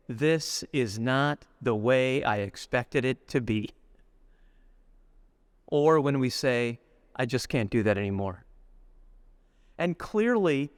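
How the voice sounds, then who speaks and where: A middle-aged man giving a spiritual retreat reflection, deliberate and storytelling, slowing down to linger on lists of words. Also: on the high side, dry recording, studio quality. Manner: storytelling, acts out everyday speech. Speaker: retreat speaker.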